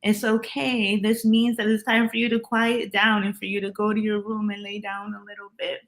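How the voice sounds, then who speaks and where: A woman's voice: mid-range voice, flat delivery, normal speed. A woman hosting a tarot reading livestream, chatting casually, laughing often and greeting viewers by name.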